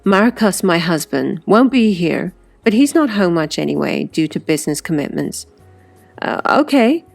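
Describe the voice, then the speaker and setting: A woman's voice: on the low side, sing-song, normal speed, vocal fry, dry recording, soft background music, exaggerated voice. A woman voicing a polite, well-spoken wealthy woman with a posh accent, read as a storybook character. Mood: gracious.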